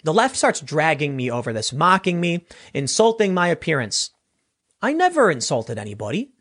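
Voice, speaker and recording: A man doing solo political commentary, animated and rambling, often restarting his sentences. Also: on the high side, moderate pace.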